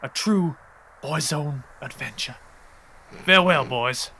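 A man playing a Western outlaw boss who drags his words out slow and menacing. The voice stays bright and forward. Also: a little high, slight background noise, full character voice. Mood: sentimental. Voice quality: slow, drawling villain voice. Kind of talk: comic game role-play.

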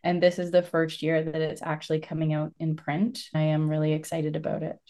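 A woman with a low voice speaks as a guest in a casual podcast interview. She is earnest and open and laughs easily as she talks about her work. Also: monotone, a little fast, warm tone. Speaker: podcast guest, business coach.

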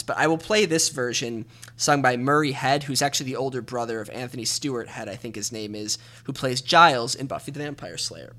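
A man's voice: medium pitch, bright, forceful tone. A man co-hosting a podcast, chatting enthusiastically in long rambling runs. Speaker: podcast co-host. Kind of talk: casual chat about musicals.

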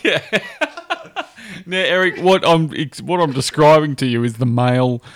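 A man's voice: a little high, normal speed, clear, resonant tone. A man co-hosting a podcast, reacting to a clip with blunt, crude jokes. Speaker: podcast co-host. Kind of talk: casual reaction chat.

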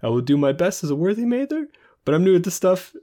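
A man putting on a high, flustered half-elf sorceress mayor. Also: sing-song, fast. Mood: excited. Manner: high, loud, eager and flustered. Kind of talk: playing a character in a tabletop game podcast.

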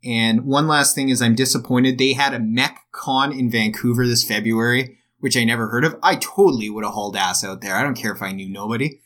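An eager man co-hosting a casual chat, his voice bright and forceful. He rambles excitedly, stacking up fillers as he goes. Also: mid-range voice, brisk, few pauses. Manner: enthusiastic, rambling with many "like" fillers. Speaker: podcast co-host.

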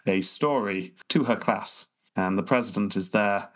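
A man's voice: on the low side, a little slow, fairly bright tone. A man co-hosting a casual podcast, joking, laughing and telling a scene as a story. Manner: jokey, storytelling, laughs often. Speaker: podcast co-host. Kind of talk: casual chat.

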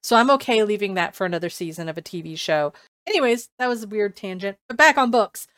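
A woman's voice: medium pitch, fast talker, dry recording. Chatty woman with a dry, close sound. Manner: animated, acts out her own reactions. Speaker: podcast co-host. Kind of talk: casual chat about books.

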